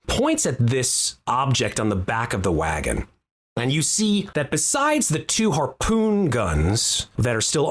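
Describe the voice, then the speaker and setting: Man, dungeon master, tabletop game narration, lively swinging pitch, laughs a lot. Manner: animated, laughs often.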